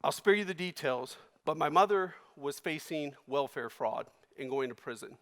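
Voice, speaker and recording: A man giving a keynote speech, telling a personal story with emotion, his voice swinging between loud and hushed. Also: a little high, expressive, normal speed. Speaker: keynote speaker. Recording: long reverb of a large hall.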